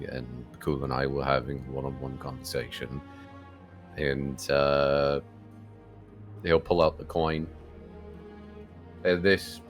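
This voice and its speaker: A man playing a character in an online tabletop game, joking and breaking into laughter. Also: very deep voice. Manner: joking, bursts into loud laughter. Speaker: player. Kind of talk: casual tabletop play.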